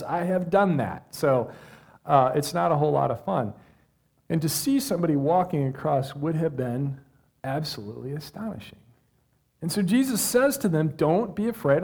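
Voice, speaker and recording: A pastor with a voice on the high side preaches to a live audience, reading scripture and explaining it. His style is lively and conversational, and he poses questions to his listeners.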